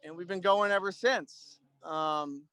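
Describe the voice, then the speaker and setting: Smooth-voiced man, high pitch, casual chat. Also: slow pace, no echo. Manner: relaxed, rambling, many "um"s and restarts. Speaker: guest, Army veteran and clothing-line owner. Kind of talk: casual interview conversation.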